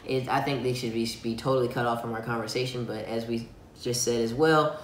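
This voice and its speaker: A man's voice: medium pitch, fairly even intonation, a little fast, reverberant, slight background noise. A man co-hosting a casual advice chat with his partner, speaking earnestly and a little preachy but easygoing. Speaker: co-host of a couple's channel.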